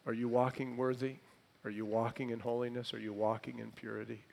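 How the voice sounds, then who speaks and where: A man preaching a sermon, quizzing the congregation with questions and swinging between loud emphatic phrases and hushed lines. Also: medium pitch, little pitch movement, a little fast, vocal fry.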